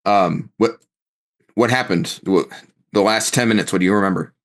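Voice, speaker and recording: A man's voice: fairly low pitch, normal speed. A young man playing a tabletop game, talking casually and slipping into his character's lines. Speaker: player.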